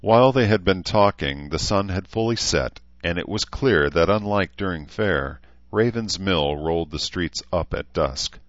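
A man giving steady, measured scripted audiobook narration. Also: sits low, no room sound. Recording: slightly dull recording.

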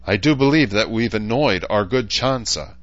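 A man's voice: on the low side, lively intonation, moderate pace, no room sound, muffled recording, pitched above the performer's own voice, natural voice. A man voicing a council member who speaks in a light, mocking tone.

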